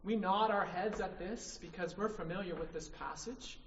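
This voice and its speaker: A man with a high, slightly bright voice preaches a sermon at a moderate pace, emphatic and often checking in with the congregation by asking "right?". There's a little hiss or hum, and the recording sounds distant and dull, as if made in an echoey hall.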